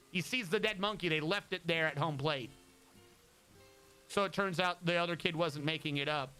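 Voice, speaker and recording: High, bright-voiced rambling male streamer. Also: smooth. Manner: rambling and profane, with many restarts. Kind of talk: casual chat.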